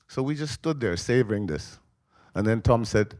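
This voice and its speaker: A man in his sixties, a memoir author telling a personal family story at a live book talk, animated and emotional, acting out the people in it. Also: fairly low pitch, normal speed, no echo. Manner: emotional, animated storyteller who acts out voices. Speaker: memoir author on a festival panel. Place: live event in a library venue.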